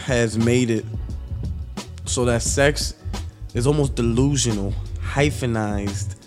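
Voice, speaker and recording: A man's voice: medium pitch, slow, over music. A man co-hosting a casual chat, rambling and searching for words, making crude jokes.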